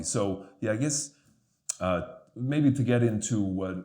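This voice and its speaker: A man's voice: lowish voice, wildly swooping pitch, unhurried, darkish tone. A young man from the New York area, a guest explaining voice technique in a casual interview, thinking aloud and laughing between points. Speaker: voice coach guest.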